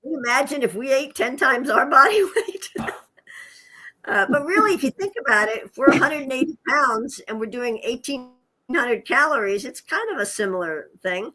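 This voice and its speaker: Woman, guest storyteller, lively swooping pitch, bright tone, chatty, chuckles, asides to her parrot. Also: normal speed, a little hiss or hum, low-quality recording. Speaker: guest, hospice nurse and animal rescuer. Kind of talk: casual storytelling interview.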